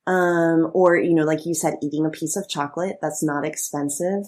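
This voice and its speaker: Husky low-voiced woman co-hosting a podcast. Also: fairly even intonation, normal speed, darkish tone. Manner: chatty, laughs often, many fillers. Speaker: podcast co-host. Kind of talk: casual chat.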